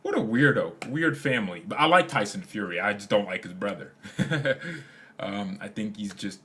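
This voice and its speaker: A young man with a fairly low voice chats casually on a fan livestream. He rambles in slang and laughs a lot as he reads out comments. Keyboard typing clicks away in the background. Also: expressive, moderate pace, fairly bright tone. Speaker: fan channel host.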